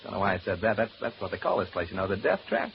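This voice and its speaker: A man's voice: fairly low pitch, big pitch swings, very fast, vocal fry, background noise. An actor playing a chatty, nervous radio announcer alone in a haunted house, rambling and joking nervously as he talks to his listeners in a 1940s radio drama. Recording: muffled old radio broadcast recording.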